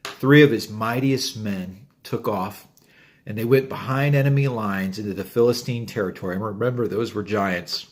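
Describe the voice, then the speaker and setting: A man's voice: fairly low pitch, normal speed. A man gives a short devotional as a pastor, easygoing and conversational. He tells his story in a storytelling way and talks through a mouthful of food now and then. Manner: chatty, storytelling, eating while talking.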